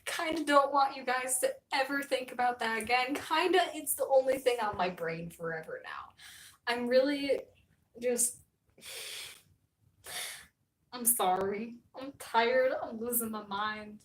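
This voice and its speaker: Young woman, live streamer, rambling, giggly, self-deprecating, somewhat high voice, roomy echo, a bit off-mic. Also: a little slow, recorded from a distance. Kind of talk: casual livestream chat.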